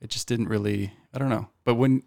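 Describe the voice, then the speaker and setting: A man's voice: medium pitch, steady tone, brisk, vocal fry, a little mellow, no echo. A man chatting as a guest on a podcast in a studio, stammering and restarting often with a self-deprecating manner. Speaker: podcast guest, meme page creator. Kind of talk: casual chat. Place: studio, in headphones. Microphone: studio mic with headphones.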